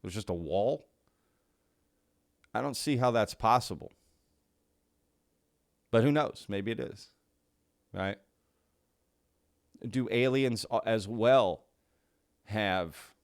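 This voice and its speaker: A commentary host muses aloud in a casual reaction video, asking lots of questions, restarting sentences and laughing now and then. His gravelly voice is fairly low and slow, with long pauses, and the sound is clean studio quality with no echo.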